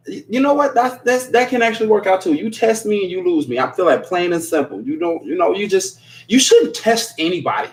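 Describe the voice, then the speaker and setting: Blunt, swearing man on a livestream. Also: high-pitched. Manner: blunt, emphatic and repetitive, swears freely; apologetic after ranting. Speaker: livestream host reading viewer comments. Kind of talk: casual livestream chat.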